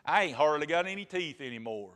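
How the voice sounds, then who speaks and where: A man's voice: a little high, expressive, fairly quick. A man doing a sly, wheedling old wolf. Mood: coaxing. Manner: wheedling, pleading, falsely gentle. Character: sly old male wolf coaxing prey.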